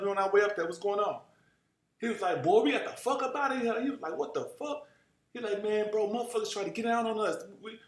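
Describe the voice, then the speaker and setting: A young man telling a casual, profane story and acting out the people he quotes. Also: a little high. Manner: animated, acts out quoted voices, profane street slang. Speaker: storyteller guest. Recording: roomy echo.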